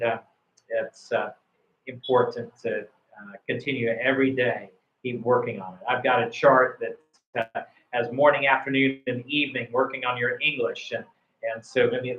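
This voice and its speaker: A man's voice: medium pitch, fairly even intonation, normal speed, a bit bright. A man teaching English online and running a mock speaking test, encouraging and full of fillers and restarts. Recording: roomy, dull lo-fi sound.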